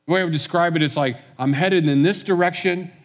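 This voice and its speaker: A man preaching a sermon, retelling a story in a relaxed conversational way and acting out the characters' lines. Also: on the high side, a little fast, big-room sound. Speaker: pastor.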